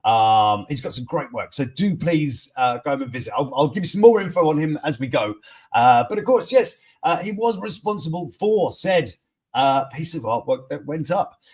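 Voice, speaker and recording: Guy hosting a chatty news stream, kinda high voice, lots of uhs and restarts. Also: expressive, normal speed, darkish tone, slightly rough. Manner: rambling, many fillers and restarts, chuckling. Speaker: host. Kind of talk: casual live-stream chat.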